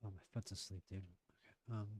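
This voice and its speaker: A man live-streaming a football management game, chatting through the match and getting excited at near misses and goals. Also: low voice, brisk. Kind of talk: live gameplay commentary.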